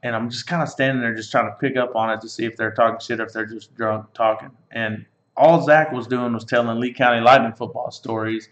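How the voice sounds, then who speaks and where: A man's voice: mid-range voice, fairly even intonation, brisk, few pauses, fairly bright tone. A man in his thirties hosting, telling a joking, profane story. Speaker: podcast host. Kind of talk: casual storytelling chat. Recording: echoey room, dull lo-fi sound.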